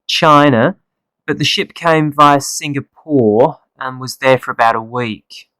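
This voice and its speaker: A cooperative customer in a dialogue. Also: male voice, mid-range voice, steady tone, a little slow, pushed and bright, no echo. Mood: matter-of-fact. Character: ordinary adult man answering a clerk's questions. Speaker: customer giving shipping details. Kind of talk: scripted listening-test dialogue.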